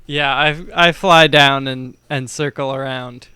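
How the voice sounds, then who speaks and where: Slow, goofy man at a game table. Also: medium pitch, steady tone, pushed and bright, smooth, no echo. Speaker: tabletop player.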